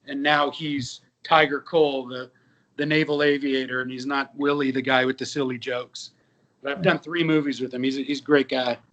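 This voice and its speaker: A man in his fifties, an actor and musician, telling lively anecdotes with quoted dialogue in a casual interview. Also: mid-range voice, moderate pace, lo-fi sound.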